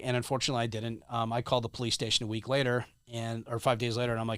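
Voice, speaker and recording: A man who is a guest on a podcast, telling a story casually in a rambling, animated way with many restarts. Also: medium pitch, fast talker, no room sound, studio quality.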